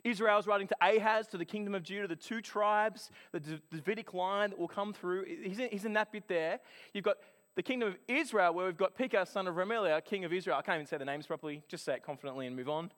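A man preaching a sermon, telling a personal story in an animated, chatty way. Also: high voice, quick pace.

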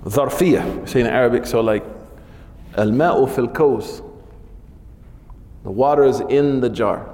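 A man's voice: mid-range voice, a little fast, few pauses, darkish tone, long reverb tail. A man giving an informal religious lesson in a casual, chatty way, often tacking "man" onto his sentences. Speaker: religious teacher.

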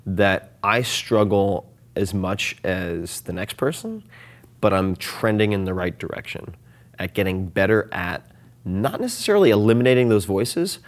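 A man chats as an interview guest, animated and self-deprecating. His voice sits a bit low, and he often restarts his sentences and fills the gaps with "like". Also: a little slow. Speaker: podcast guest. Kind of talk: casual conversational interview.

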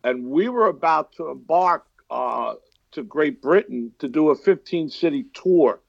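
A man from the Bronx with a New York accent, a guest actor chatting in a relaxed way with frequent pauses over a video call. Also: a little high, gravelly, no room sound, highs cut off. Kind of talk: casual interview chat.

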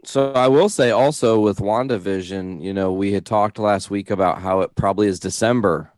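A man's voice: on the low side, moderate pace, darkish tone, no echo. Man in dry, wry podcast chat. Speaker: podcast co-host. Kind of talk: casual chat.

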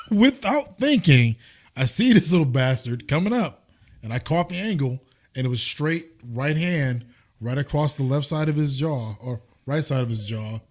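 A former Marine man telling rough boot camp stories in casual podcast chat, salty and laughing as he goes. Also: medium pitch, a little mellow. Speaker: former Marine squad leader.

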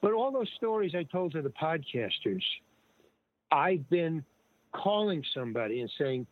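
An older man, an interview guest, telling stories in a rambling, casual way, full of restarts and lively retold dialogue. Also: on the high side, unhurried, no room sound. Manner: rambling, with many restarts and animated retelling of dialogue. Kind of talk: casual storytelling. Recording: dry, tinny phone-like line.

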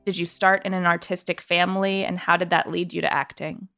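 A woman with a low, gravelly voice asks questions as the interviewer. Her manner is curious and engaged, with faint music under her voice. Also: little pitch movement, brisk, a bit bright. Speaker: podcast interviewer. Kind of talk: casual interview.

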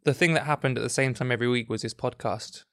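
A man co-hosting a casual podcast chat, thoughtful and a little halting, poking fun at himself. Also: mid-range voice, clear, resonant tone, no echo, studio quality. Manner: thoughtful, halting, self-deprecating. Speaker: podcast co-host.

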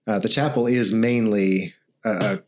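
A man's voice: fairly low pitch, fairly even intonation, moderate pace, darkish tone. A man narrating as game master, hesitant and full of fillers.

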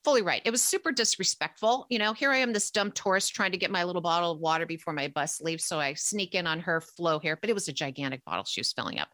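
Brief: an animated woman recounting a personal story, lowish and bright, close and dry. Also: fast, few pauses, no echo.

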